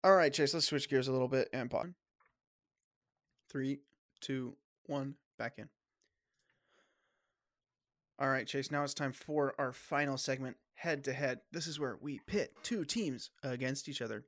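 A man hosting a casual sports podcast, opinionated and halting, often restarting his sentences, with a bit of a cough. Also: mid-range voice, no room sound, clean studio sound. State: coughing, clearing throat. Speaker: podcast host.

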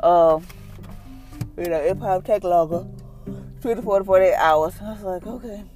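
A woman talks through a personal testimony, speaking plainly and conversationally as she retells what people said to her. She moves into an earnest prayer. Faint music plays softly behind her. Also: on the low side, normal speed. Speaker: mother sharing a testimony.

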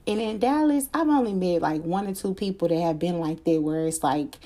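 A woman chatting to her viewers in a loose storytime style, candid and full of slang, with a warm, mellow tone. Her voice sits a little low, and she talks plainly and openly, swearing freely as she goes. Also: a little fast. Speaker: vlogger telling a personal story. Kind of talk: casual storytime chat.

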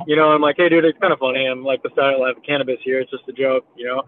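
Very fast and steady, a medium-pitched man in his thirties, a meme creator appearing on a podcast, rambles through a casual story with plenty of swearing and "like" and "you know." Slight background noise sits under tinny, phone-quality audio.

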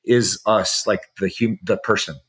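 A man co-hosting a podcast, chatting casually and warmly, with many fillers like "like". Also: fairly low pitch, steady tone, normal speed. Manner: effusive, heavy use of "like", warm praise. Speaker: podcast co-host. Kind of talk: casual chat.

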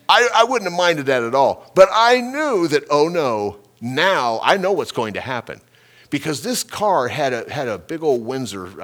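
Animated male pastor telling a story. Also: medium pitch. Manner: animated storytelling, repeats words, makes sound effects. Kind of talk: sermon with personal story.

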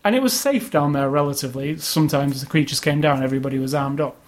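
A man's voice: fairly high pitch, fast. A man casually chatting about video games as a podcast co-host, opinionated and rambling. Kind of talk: casual chat.

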